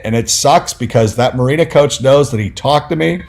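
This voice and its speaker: A man of middle pitch, talking as a guest on a podcast. He tells long, rambling stories, speaks casually with many fillers, and acts out the voices of the people he quotes. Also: lively intonation, brisk, a little mellow. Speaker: podcast guest, fantasy football analyst. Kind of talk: casual storytelling.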